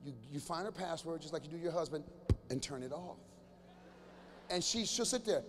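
A man in his fifties doing stand-up comedy with crowd work, animated, often acting out other people's voices and bantering with the audience. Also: fairly high pitch, moderate pace, long reverb tail, a little hiss or hum. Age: 50s. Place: large church hall before a live audience.

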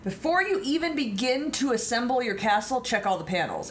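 A woman's voice: on the high side, sing-song, a little fast, hardly any pauses. A woman hosting a baking live stream from her home kitchen, chatting casually and playfully while she reads out the steps and jokes along. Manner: playful, joking, narrates the steps. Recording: noisy live-stream audio.

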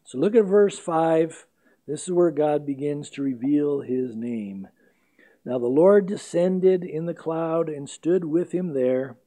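A man preaching in a fairly high, mellow voice. He talks emphatically, drawing out the scripture verses slowly for weight. A pastor teaching verse by verse. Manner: emphatic, slows down to stress scripture readings. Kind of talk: expository sermon.

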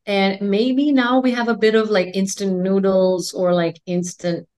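A woman in her forties with a mixed Indian and American accent, answering interview questions in a calm, articulate way. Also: medium pitch, measured pace. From India and United States. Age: 40s. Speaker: guest, endocrinologist.

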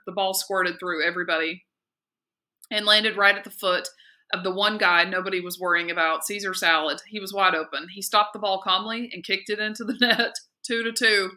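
A woman teacher reading a novel aloud in a steady, lively and expressive way. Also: medium pitch, brisk. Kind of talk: read-aloud narration of a novel.

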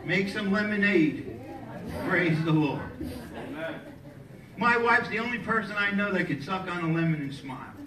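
A male pastor preaching a sermon in a church, lively and joking with the congregation between points. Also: high-pitched, moderate pace, pauses often, a crowd in the background. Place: church sanctuary. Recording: echoey hall, mic at a distance, faint ambience.

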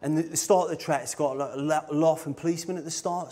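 Middle-aged man, slightly high voice, loose rambling storytelling, conference talk. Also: fairly even intonation, fast talker, mellow. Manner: rambling, laughs often, fillers like "you know what I mean". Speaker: speaker at a design conference. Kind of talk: casual anecdotal conference talk. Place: live talk on a stage.

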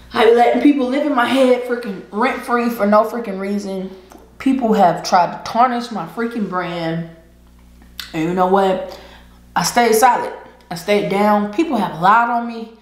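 A woman's voice: medium pitch, moderate pace, reverberant. A woman vlogger talking earnestly to camera between bites, preachy and full of slang, breaking into laughter. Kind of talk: casual heartfelt monologue while eating. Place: indoors at home, eating a seafood boil.

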